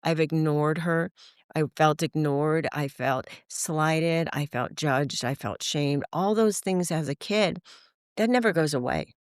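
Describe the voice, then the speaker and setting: An older woman speaking as a podcast guest, frank and animated, swearing casually and acting out the voices in her stories. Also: low-pitched, slow pace, smooth, no echo, clean studio sound. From United States. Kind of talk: candid conversational interview.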